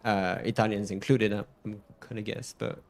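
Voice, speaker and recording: A French man with a French accent, co-hosting a casual stream and playfully teaching pronunciation with drawn-out, emphatic words. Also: lowish voice, little pitch movement, creaky. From France. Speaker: co-host.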